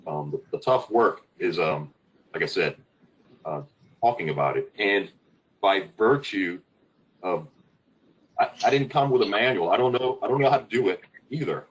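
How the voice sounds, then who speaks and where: A man who leads in the fire service, speaking on a webinar panel in a halting way, stopping often to search for words. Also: deep voice, animated, low-quality recording.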